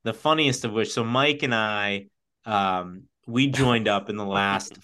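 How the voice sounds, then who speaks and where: A man's voice: fairly low pitch, measured pace, bright, forceful tone, clear, resonant tone. A man in casual conversation, animatedly telling a funny race story and laughing as he goes.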